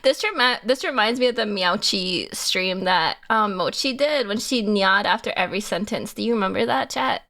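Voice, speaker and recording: A young woman streamer chatting casually with her viewers, giggly and animated, laughing often. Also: medium pitch, normal speed, few pauses. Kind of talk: casual live-stream chat.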